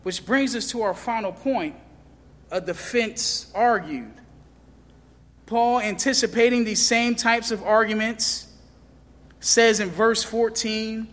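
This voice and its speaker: High-voiced slow impassioned preacher, reverberant hall. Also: male voice. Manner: impassioned preaching, rising to loud questions and dropping low. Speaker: pastor. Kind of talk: sermon.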